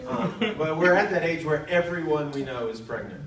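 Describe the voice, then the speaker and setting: An animated man in his thirties with a voice on the high side performs self-deprecating stand-up at a moderate pace, hopping into quoted voices. He's from North Carolina and playing an arts center stage to a laughing audience. The audio is echoey, far off, and heavily hissy.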